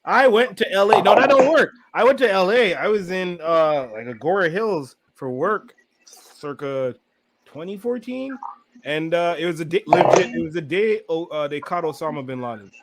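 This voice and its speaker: A man, a podcast guest, talking in a laid-back way that trails off quietly, in casual chat. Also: sits high, lively intonation, moderate pace, over a noisy crowd. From Canada.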